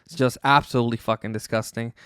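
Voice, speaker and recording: A man's voice: mid-range voice, fairly even intonation, quick pace, a bit bright, clear, resonant tone, no room sound, clean studio sound. A man hosting a podcast, recapping casually in a rambling, profane way, full of fillers and chuckles. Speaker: podcast host.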